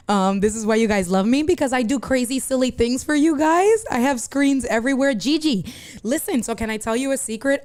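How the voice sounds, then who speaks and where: Chatting casually from her home streaming setup, this woman reacts to comments from viewers and laughs often. Her voice is mid-range and clean, picked up by a desk mic running through a mixer.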